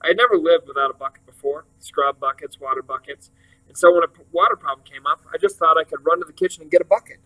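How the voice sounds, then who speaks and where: A man reading a novel aloud in steady, first-person storytelling narration. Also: a little high, fast talker, poor audio. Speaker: reader.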